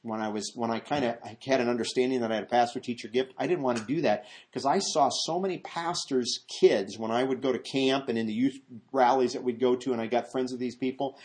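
A man, a pastor, preaching an expository sermon in an animated way, moving from loud exclamations to hushed asides and acting out voices in his stories. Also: medium pitch.

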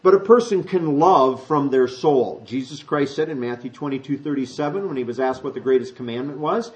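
A man preaching a sermon in a conversational way, walking listeners through slides, then rising high and loud when he acts out quoted speech. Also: brisk, lo-fi sound. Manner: conversational, explains slides to the congregation.

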